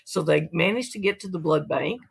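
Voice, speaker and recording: An author being interviewed on a podcast, telling stories in a lively way and acting out the quotes. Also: mid-range voice, a little fast, creaky, husky. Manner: lively storyteller who acts out quotes. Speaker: author and guest. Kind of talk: storytelling in an interview.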